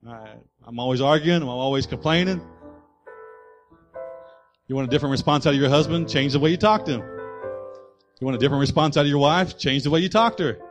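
A man's voice: fairly high pitch, fast, pauses often, soft background music. A man preaching a sermon as pastor, with rising and falling emphasis and acted-out voices.

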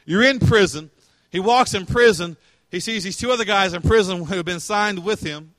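A man's voice: sits high, moderate pace, fairly bright tone, dry recording. A male pastor preaching a sermon in a conversational way, asking questions and retelling scripture in everyday words.

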